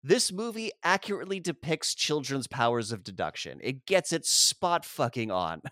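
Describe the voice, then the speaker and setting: Foul-mouthed sarcastic man, lively dry voice. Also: mid-range voice, normal speed, no room sound. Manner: profane, sarcastic, joking. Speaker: podcast co-host recapping a film. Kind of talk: casual chat.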